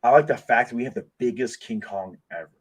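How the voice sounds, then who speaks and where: Excitable rambling man on a podcast. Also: medium pitch, fast talker, breathy edge. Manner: excitable, rambling fan talk with many restarts. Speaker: podcast host. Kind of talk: casual podcast chat. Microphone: desk microphone.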